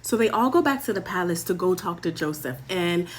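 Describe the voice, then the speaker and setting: A woman's voice: fairly low pitch, animated, brisk. A young woman hosting a show, casually retelling a Bible story in playful, slangy language with lessons at the end. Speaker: host.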